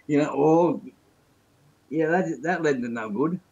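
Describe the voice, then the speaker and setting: A fairly high-pitched man tells rambling jokes in casual chat. He comes through a video call, and the sound is muffled and dull. He laughs easily between his lines. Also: measured pace, a little mellow. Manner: joking, rambling storyteller. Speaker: guest.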